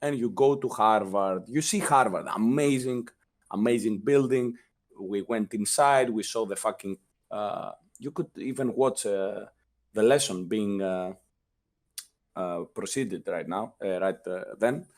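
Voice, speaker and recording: Unhurried and lowish in pitch, a former guild leader, a young man with a European non-native English accent, swaps profane anecdotes as a guest in an interview. He's animated and voices the people he's quoting.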